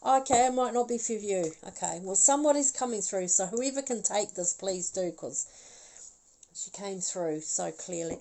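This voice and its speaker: A woman's voice: mid-range voice, normal speed, warm tone, poor audio. A woman doing a live psychic reading as a medium. She talks in a chatty, rambling way, laughs often and keeps apologizing.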